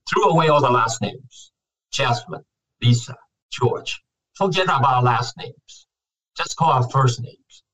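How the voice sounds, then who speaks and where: A man's voice: mid-range voice, a bit bright, breathy edge, distant mic, low-quality recording. A man, an actor speaking passionately as an interview guest and venting about his frustrations. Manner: passionate, venting, acts out quotes. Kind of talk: candid interview talk.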